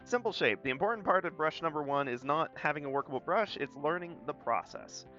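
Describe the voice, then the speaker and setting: A young male art streamer with a light Southern US accent chats while drawing, rambling and poking fun at himself. His fairly high voice is brisk, pushed and bright with lively intonation, and the slightly dull recording carries faint guitar music.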